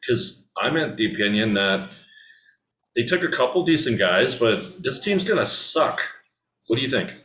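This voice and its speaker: A man's voice: mid-range voice, big pitch swings, normal speed, bright, forceful tone, echoey room, low-quality recording. A man hosting a casual hockey podcast, talking loosely with many ums and restarts. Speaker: podcast host. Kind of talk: casual sports chat.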